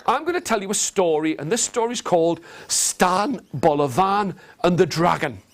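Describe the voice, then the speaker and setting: A man telling an interactive story to nursery children in a classroom, animated and coaxing, getting them to copy his gestures. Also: high-pitched, normal speed. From England. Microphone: video camera. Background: guitar.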